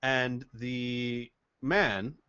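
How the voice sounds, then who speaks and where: A man of middling pitch running a tabletop game as game master. He lays out each scene step by step with frequent hesitations. His voice comes through a dull, lo-fi call recording. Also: steady tone, extremely slow, sharp tone, smooth.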